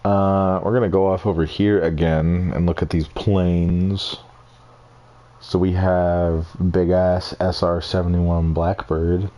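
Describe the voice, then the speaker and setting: Low, mellow-voiced young guy rambling. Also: level tone, takes it slowly, highs cut off. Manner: rambling, swears freely, self-deprecating. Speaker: gamer showing off builds. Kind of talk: casual screen-recorded walkthrough.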